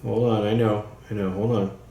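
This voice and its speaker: A man's voice: on the low side, flat delivery, fairly quick, mellow, roomy sound. A man working as a psychic medium who speaks to a spirit during a session. He is eager and thinks aloud, with plenty of fillers.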